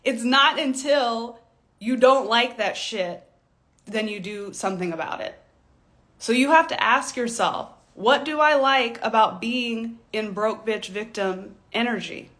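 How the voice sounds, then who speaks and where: A woman's voice: on the high side, unhurried, a bit bright. A woman in her thirties, a stylist business coach, giving a blunt, profane motivational rant with mocking impressions.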